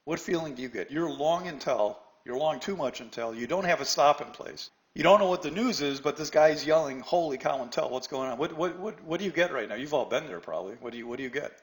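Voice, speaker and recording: A middle-aged man teaching a live trading lesson, talking lively and putting questions to his audience. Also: on the high side, fast, hardly any pauses. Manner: animated, asks the audience questions, acts out a news anchor. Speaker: trading instructor.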